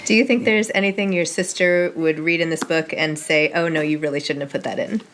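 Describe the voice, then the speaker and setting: Low-voiced woman hosting a live interview. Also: steady tone, brisk, a little hiss or hum. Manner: enthusiastic, laughs along. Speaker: interviewer, host. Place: bookshop event before an audience.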